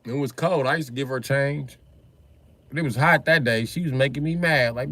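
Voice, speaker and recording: A man on a livestream who rants about cars in a profane, excitable way, now and then bursting into a shout. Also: mid-range voice, normal speed. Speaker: livestreamer and car mechanic. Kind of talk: profane ranting livestream chat.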